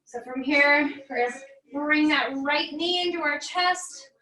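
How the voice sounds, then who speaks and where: An American woman, a fitness instructor, calmly guiding a barre stretching class with encouraging cues and light jokes. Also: high-pitched, a little slow, reverberant, distant mic, rough recording.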